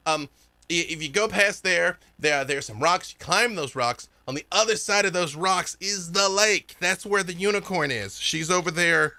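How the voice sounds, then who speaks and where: A man voicing an excitable young gang leader who rambles fast with many restarts. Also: high voice, pitched above the performer's own voice, heavily acted. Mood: excited.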